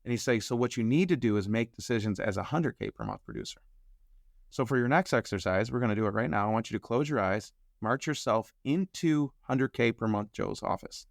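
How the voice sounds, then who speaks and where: A man telling a personal story as a podcast guest, acting out the quoted dialogue with lively shifts in voice. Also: medium pitch, fairly quick, vocal fry, no room sound, clean studio sound. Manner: animated storyteller who acts out quoted dialogue.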